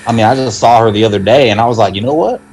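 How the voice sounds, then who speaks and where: A man's voice: fairly low pitch, steady tone, very fast, darkish tone, low-quality recording. Joking young man at a tabletop game. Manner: drawling, joking. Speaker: player. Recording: faint background noise.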